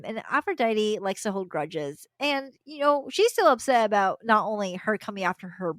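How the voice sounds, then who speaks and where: A woman's voice: medium pitch, very animated, normal speed, hardly any pauses, dry recording. A young adult woman, a podcast host, retelling a story casually with slangy asides and frequent laughter.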